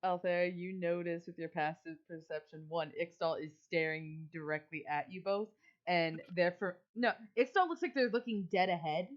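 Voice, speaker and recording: A woman's voice: on the low side, moderate pace, dull audio. A woman game master narrating what a player's character notices. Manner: narrating perception checks.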